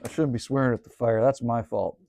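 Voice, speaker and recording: A man's voice: mid-range voice, fairly quick, vocal fry. Laid-back swearing man telling a story. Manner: laid-back, swears freely, animated when retelling. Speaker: cabin vlogger. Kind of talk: casual storytelling. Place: woodshed by a woodstove.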